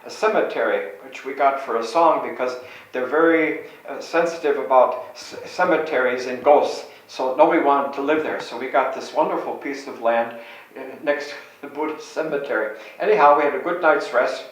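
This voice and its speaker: A man's voice: medium pitch, normal speed. An older man from Chicago, a Catholic priest, telling anecdotes from memory in a meandering way and often correcting himself mid-sentence. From Chicago, USA. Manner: meandering, self-correcting storyteller. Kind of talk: reminiscing anecdotes. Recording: very echoey room, distant mic.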